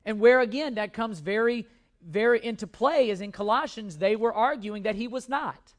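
A man's voice: extremely high pitch, normal speed. A male pastor preaching a sermon with emphatic repetition and occasional restarts.

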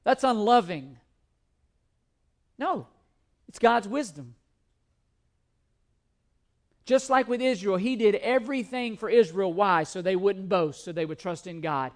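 A man preaching a sermon, reading scripture slowly and then speaking in quick, emphatic asides, often repeating his words. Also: high-pitched. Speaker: pastor.

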